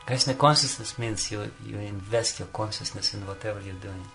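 Male spiritual teacher with a low, gravelly voice, storytelling in a devotional talk, warm chuckles throughout. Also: fairly quick, soft background music. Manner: chuckles often, peppers speech with "you know".

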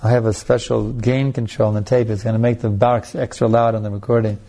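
A man's voice: fairly low pitch, flat delivery, brisk, dark tone. A man as a spiritual teacher telling stories and answering audience questions, with many restarts and laughs. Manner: storytelling with frequent restarts and laughs.

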